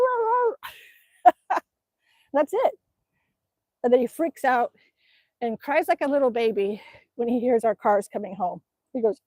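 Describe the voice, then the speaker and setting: A woman's voice: fairly high pitch, dry recording. Chatty woman cooing to her dog. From Alaska. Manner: chatty, laughs often, coos softly to her dog. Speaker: livestream host reading chat. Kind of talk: casual livestream chat.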